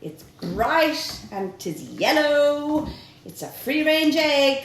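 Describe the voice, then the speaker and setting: A woman's voice: high-pitched, very animated, slow, distant mic. An Irish woman presenting a chatty home-baking demonstration in her kitchen, playful and full of jokes and sing-song asides. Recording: echoey room.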